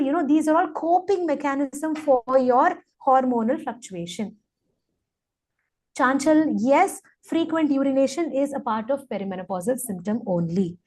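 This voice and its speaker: A woman's voice: sits high, warm tone. A woman, a yoga teacher giving an earnest, emphatic health talk to a class and repeating her key points. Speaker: yoga teacher, guest speaker.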